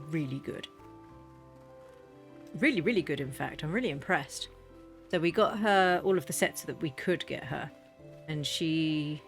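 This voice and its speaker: A woman's voice: low voice, a bit bright. A British woman in her thirties chatting casually and rambling cheerfully while playing a game. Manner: rambling, chatty, quick to laugh. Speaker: gaming vlogger. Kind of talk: casual chat over gameplay. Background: faint game music.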